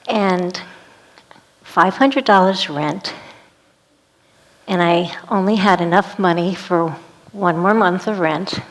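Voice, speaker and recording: A woman performing a one-woman play as a vivid, dramatic storytelling monologue. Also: fairly low pitch.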